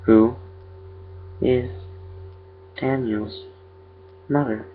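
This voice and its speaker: A man's voice: mid-range voice, steady tone, slight background noise, voice pushed up. A man doing an eerie creature mimicking a child. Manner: slow, halting, word-by-word questions. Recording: lo-fi dull recording.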